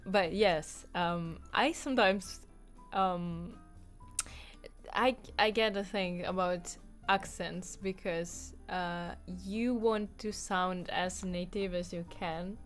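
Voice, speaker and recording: A woman's voice: fairly low pitch, steady tone, slow pace, soft background music. Chatty woman podcast co-host. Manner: chatty, laughs often, many fillers. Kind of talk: casual chat.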